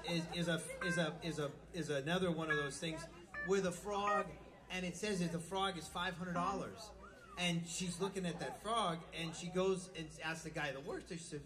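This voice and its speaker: A man with a high voice tells jokes on stage, wandering through each setup and tripping over his words as he restarts. He chuckles as he goes. A crowd murmurs and reacts loudly in the live club recording. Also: moderate pace. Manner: rambling, stumbling restarts, chuckling between lines. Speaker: stand-up comedian. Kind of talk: live stand-up joke telling. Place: live music venue.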